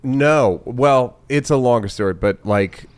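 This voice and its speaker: A man who is a comedian guest on a podcast, chatting casually in a dry, deadpan, rambling way. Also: medium pitch, unhurried, clean tone.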